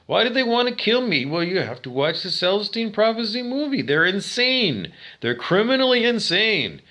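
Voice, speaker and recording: A man's voice: sits high, sing-song, normal speed, sharp tone. A man talking straight to his viewers in a monologue, ranting, swearing and asking questions he answers himself. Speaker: vlogger. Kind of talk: direct-to-camera monologue.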